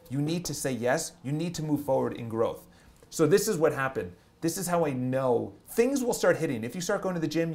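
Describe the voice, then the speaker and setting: A man, a real estate agent and vlogger, giving an energetic motivational talk on a livestream, stressing points with a repeated "okay?". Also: on the high side.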